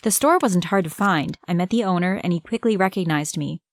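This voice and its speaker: A woman narrating an animated first-person story, in a conversational tone that speaks straight to the viewer. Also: lowish voice, fairly quick, no echo.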